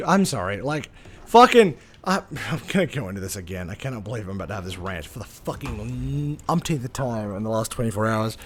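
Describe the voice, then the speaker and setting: Animated, fired-up male streamer. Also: fairly low pitch. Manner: animated ranting, swearing, quick apologies. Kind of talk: casual live-stream chat.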